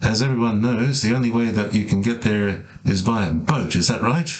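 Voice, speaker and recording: A man's voice: lowish voice, normal speed, background noise. Man thinking aloud in a game. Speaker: player. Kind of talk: casual role-play chat.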